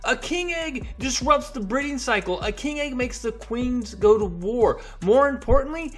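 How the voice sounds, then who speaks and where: A man voicing an excitable, high-strung male alien creature who lectures in a shrill, exasperated way. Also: normal speed.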